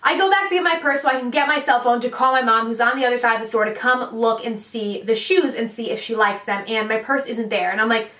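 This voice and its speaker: A young woman tells a story in a chatty vlog style, filling her talk with casual fillers. Her voice sits a little high. She sounds set back from the mic in a roomy, echoing space. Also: quick pace, few pauses, sharp tone. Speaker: vlogger. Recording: echoey room, distant mic.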